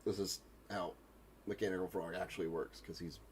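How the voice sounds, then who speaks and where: Very deep-voiced man chatting casually. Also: little pitch movement, fairly quick, slight background noise. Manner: rambling, joking, self-deprecating asides. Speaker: live stream host. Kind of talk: casual chat while painting miniatures. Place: home hobby room with a printer and air purifier.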